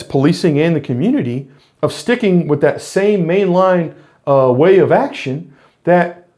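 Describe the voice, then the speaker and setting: A man's voice: a little high, dark tone. A middle-aged man, a former police officer, talking earnestly in a reflective monologue to camera, explaining his points with frequent restarts.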